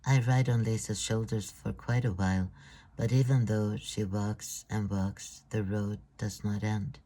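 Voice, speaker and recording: Slow, mellow male audiobook narrator. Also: fairly low pitch, level tone. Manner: slow, hesitant, restarting phrases. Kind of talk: scripted narration.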